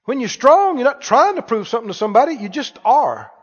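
A man with a high voice preaches to his congregation, calling out questions and pressing his points hard. His voice rings through a long church reverb. The recording sounds muffled and dull. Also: sing-song, fast talker, slightly rough. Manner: call-and-response preaching, rising to loud emphatic lines. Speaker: pastor. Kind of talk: sermon.

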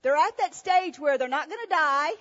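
A woman's voice: sits high, expressive, moderate pace, fairly bright tone. A woman preacher giving a sermon, asking rhetorical questions and telling stories with emphasis. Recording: echoey hall, dull sound.

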